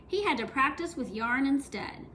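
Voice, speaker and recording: A woman reading a children's storybook aloud in an expressive, animated way. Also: sits high, normal speed, slight background noise. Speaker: reader.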